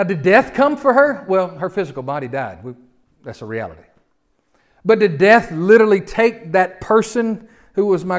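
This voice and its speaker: A man preaching a sermon in a conversational, animated way, asking rhetorical questions, telling stories and often restarting his words. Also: a little high. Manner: frequent restarts and repeated words.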